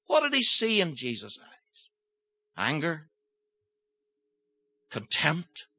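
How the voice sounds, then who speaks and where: An older male preacher gives an impassioned sermon. His voice is bright and sharp, sitting a touch high, and he moves from storytelling to forceful pleading. The recording is dry and close, with no room sound. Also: huge pitch swings, slow, no room sound.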